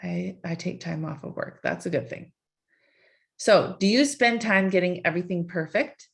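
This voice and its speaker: A woman's voice: fairly low pitch, moderate pace, gravelly. A woman life coach leading a live online session, asking repeated coaxing questions in a conversational way.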